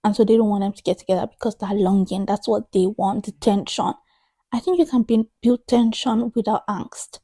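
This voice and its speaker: A woman's voice: medium pitch, fairly even intonation, normal speed, mellow, husky, dry recording. A woman in her thirties chatting in a book vlog, emphatic and exasperated, repeating herself for effect. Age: 30s. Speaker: book vlogger.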